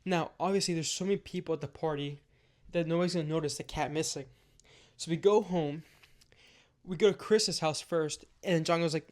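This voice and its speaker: Telling the story of a wild night, a young man talks fairly quickly in a slightly high voice, rambling conversationally with plenty of fillers and offhand cursing.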